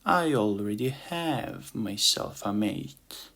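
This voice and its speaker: A man putting on a slow, seductive female ladybug. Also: mid-range voice, big pitch swings, vocal fry, a bit bright, voice pushed up, full character voice. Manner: slow, seductive, drawn-out lines. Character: flirty teasing female ladybug fighter.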